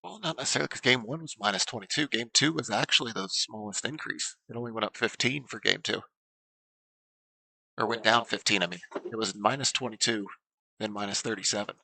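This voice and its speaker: A man calls a bowling tournament for a livestream, his voice very bright and edged with gravelly fry. He walks through scores and standings in a steady, explanatory way, filling pauses with ums. The sound is dry and close. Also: lowish voice, no room sound, poor audio. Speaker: bowling commentator. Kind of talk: play-by-play sports commentary.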